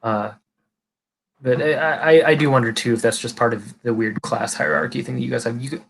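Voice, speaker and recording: A man's voice: medium pitch, fairly quick, gravelly. Californian man, stream host, rambly with many restarts, casual swearing, faint background noise. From California, USA. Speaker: livestream host. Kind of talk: casual chat.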